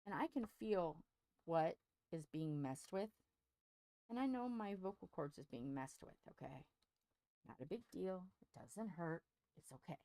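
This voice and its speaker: A woman chatting slowly and frankly while she crafts, her gravelly, strained voice wobbling up and down in pitch and now and then going squeaky. She rambles and pokes fun at herself. The sound is dry and close, with no room echo. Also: animated, warm tone. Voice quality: voice dips up and down in pitch, turns squeaky. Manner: frank, rambling, self-deprecating. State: strained, scratchy voice. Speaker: host of a crafting channel. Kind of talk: casual chat while crafting.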